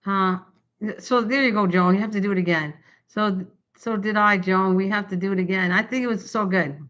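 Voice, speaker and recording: An older woman rambles cheerfully to her livestream viewers about crafts, with a bright, sharp edge to her voice. Her talk wanders and breaks into laughs. The sound is dull and lo-fi, as if picked up by a camera's built-in mic at home. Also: medium pitch, steady tone, a little fast. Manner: chatty, rambling, often laughing. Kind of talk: rambling casual livestream chat.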